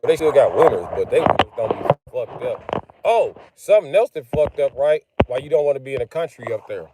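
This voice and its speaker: A man's voice: medium pitch, lively intonation, brisk, heavy background noise. A man streaming gameplay, chatting casually and rambling with lots of profanity. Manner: profane, rambling, tosses in "you know what I mean".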